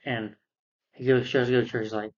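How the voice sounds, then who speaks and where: A man talks through a film review in a loose, rambling way, circling back and repeating himself as he retells the plot. His voice sits at an ordinary middle pitch. The recording is dull and muffled, with a lo-fi sound. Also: little pitch movement, brisk. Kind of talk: casual spoken film review.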